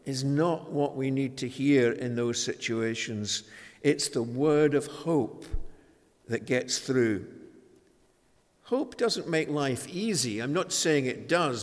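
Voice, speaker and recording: A man preaching a sermon in a measured, emphatic way, with dramatic pauses. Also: a little high. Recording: long hall reverb.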